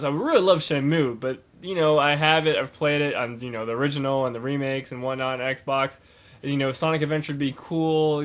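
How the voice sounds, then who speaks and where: A young man talking in a casual, rambling video blog, full of fillers and restarts. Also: medium pitch. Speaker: gaming vlogger.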